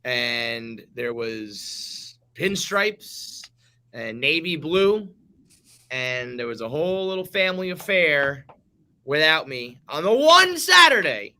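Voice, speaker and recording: Bright-voiced joking male podcast host. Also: mid-range voice. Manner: animated, joking, heavy swearing. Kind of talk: casual sports podcast banter.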